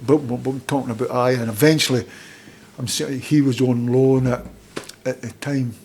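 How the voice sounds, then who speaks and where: A man's voice: medium pitch, steady tone, normal speed, darkish tone, a little hiss or hum. A middle-aged Scottish man, a former footballer and manager, telling rambling anecdotes in a casual interview and acting out the people he quotes. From Scotland.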